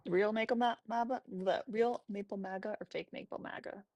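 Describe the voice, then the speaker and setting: A woman hosts a casual livestream, speaking bluntly with casual curses. Her voice sits at an ordinary middle pitch. The sound is dry and close. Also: fairly even intonation, brisk, a little mellow, dry recording, dull audio. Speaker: livestream host.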